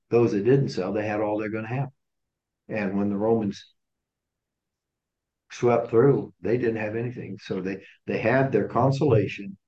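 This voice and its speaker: A man's voice: lowish voice, warm tone, highs cut off. A man leading a casual Bible study group, talking conversationally and often repeating and restarting words. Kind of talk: casual teaching to a small group.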